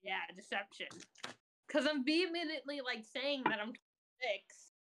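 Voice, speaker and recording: Woman player, high voice, blunt, exasperated, swears a lot. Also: animated, unhurried, fairly bright tone, a little hiss or hum. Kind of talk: casual tabletop play.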